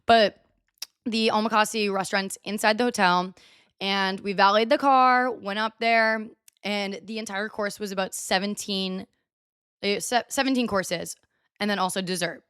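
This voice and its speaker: A young woman hosting a podcast, telling a story in a chatty, animated way with lots of filler words. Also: mid-range voice, a little slow, clear, resonant tone, no room sound, studio quality. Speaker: podcast host. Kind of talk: casual storytelling monologue. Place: US (Texas area).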